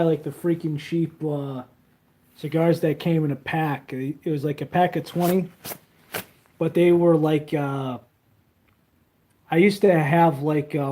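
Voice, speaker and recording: A man's voice: fairly high pitch, mellow. Rambling, crude-talking young man streaming. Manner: rambling, crude, many fillers. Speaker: livestreamer. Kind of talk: casual livestream chat. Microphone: handheld phone.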